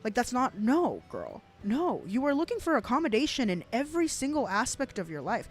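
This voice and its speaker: A woman's voice: on the high side, wildly swooping pitch, normal speed, hardly any pauses, husky, soft background music. A woman in her twenties from South Texas with a South Texas accent, giving blunt, profane commentary on a stream with frequent restarts. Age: 20s. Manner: blunt and profane, with laughing asides and rambling restarts. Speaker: streamer reacting to clips.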